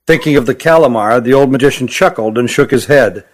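A man's voice: medium pitch, brisk, few pauses. Man narrating a fantasy audiobook. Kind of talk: scripted narration.

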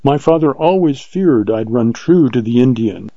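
A man's voice: medium pitch, lively intonation, moderate pace, mellow, no room sound, highs cut off. A man reading aloud, voicing a spirited, proud young woman who is impulsive and teasing. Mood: lively.

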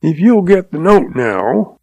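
A man voicing a shrewd old cowboy who talks in a slow, patient, folksy drawl. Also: on the high side, big pitch swings, darkish tone, breathy edge, no room sound, voice pushed up, exaggerated voice. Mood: patient, sly. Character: shrewd old cowboy, calm, sly, chuckling.

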